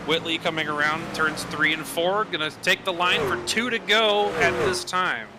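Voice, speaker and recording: High-voiced male race co-commentator. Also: normal speed, background noise. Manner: steady, analytical calling of positions and points. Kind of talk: sim racing color commentary.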